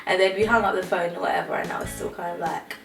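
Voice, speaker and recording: A woman's voice: on the low side, steady tone, quick pace, creaky. A woman telling a story casually as a vlog co-host, chatty and acting out the voices of the people in it. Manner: chatty, acts out quoted voices. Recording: roomy, distant mic, music behind.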